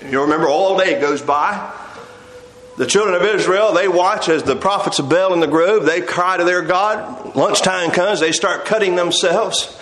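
A man's voice: high-pitched, expressive, normal speed, a bit bright. A man preaching a sermon, telling the story with animation and acting out the quotes. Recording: echoey room.

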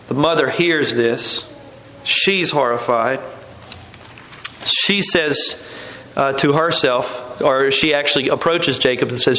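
Male preacher, high bright voice, storytelling sermon, roomy hall sound. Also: lively intonation, a little slow, slight background noise. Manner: storytelling, acting out the characters' lines. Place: church hall. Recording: echoey hall.

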